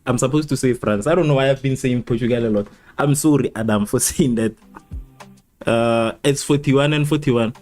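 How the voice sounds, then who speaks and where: A man hosting a live football watchalong, rambling and repeating himself, who laughs at his own slips and jumps high in pitch at exciting moments. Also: normal speed, soft background music. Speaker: watchalong host. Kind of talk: live match watchalong chat.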